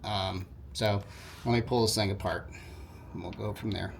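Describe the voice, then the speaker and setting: A man giving a casual how-to walkthrough of a repair, talking informally with quick self-corrections and apologetic asides as he works. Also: fairly low pitch, fairly even intonation, vocal fry, a little hiss or hum. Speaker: DIY repair video host.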